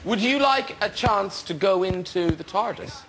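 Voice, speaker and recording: A man's voice: high voice, lively intonation, a little slow, over a noisy crowd. A male talk show host, bantering and teasing guests and the studio audience. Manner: teasing, camp, laughs often. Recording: loud audience laughter, noisy old TV rip.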